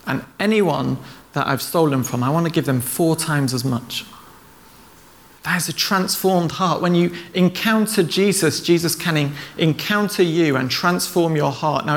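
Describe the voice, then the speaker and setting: A man's voice: a little high, normal speed, creaky. A man preaching a sermon, retelling stories in a conversational way and acting out the quoted lines.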